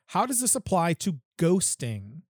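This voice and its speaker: A man hosts a relaxed podcast chat, quick with a joke as he moves the talk along. His voice sits a little high for a man, and the sound is dry and close. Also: breathy edge, dry recording. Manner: jokey, quick, leads the topics. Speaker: podcast host.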